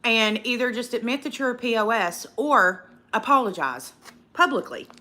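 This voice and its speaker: A woman's voice: fairly high pitch, animated, normal speed, sharp tone. A young woman hosting a casual eating livestream, outspoken and profane, ranting and reading viewer comments aloud. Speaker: livestream host.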